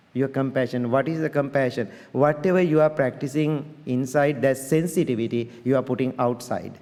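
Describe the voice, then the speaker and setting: A man's voice: mid-range voice, darkish tone, in a large hall. A middle-aged man, a Buddhist monk, giving a dharma talk in earnest, direct English with non-native phrasing, checking that listeners follow. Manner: conversational teaching, asks listeners to check understanding. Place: large congregation hall.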